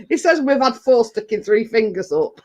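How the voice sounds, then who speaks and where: A woman's voice: fairly high pitch, expressive, moderate pace. A middle-aged woman, chatting casually on her vlog in a rambling storytelling way, full of fillers and restarts. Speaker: vlogger. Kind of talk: casual chat.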